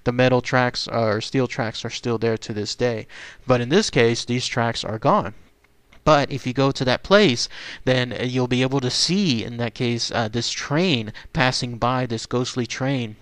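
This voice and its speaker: Casual ghost-story host, a man, rambling with many fillers, dry close sound, mid-pitched. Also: a little slow, fairly bright tone, dry recording. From Texas. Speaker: channel host. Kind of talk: casual unscripted storytelling monologue.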